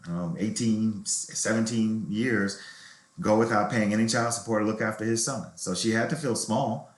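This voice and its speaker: A middle-aged novelist, appearing as a guest, speaks in a low voice as he candidly and reflectively shares a personal story. His tone is steady and his pace moderate, with a roomy echo like an interview recorded in an open room.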